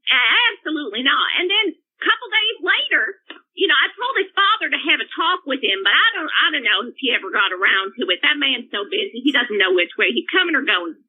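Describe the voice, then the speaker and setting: A performer voicing an irate mother calling into a comedy show, shrill and indignant, ranting nonstop. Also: big pitch swings, brisk. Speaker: caller. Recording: tinny phone line.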